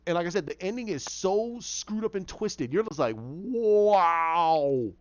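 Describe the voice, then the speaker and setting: A man's voice: a little fast, no room sound. A man casually retelling a story, rambling with fillers. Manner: rambling, with fillers and lively pitch. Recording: dull lo-fi dry recording.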